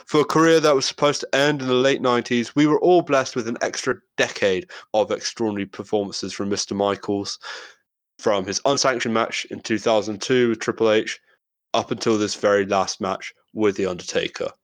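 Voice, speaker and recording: Low-voiced man reading a countdown. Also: fairly quick, dry recording. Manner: reads countdown entries in a steady announcer tone. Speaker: podcast host. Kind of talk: scripted segment intro and casual chat.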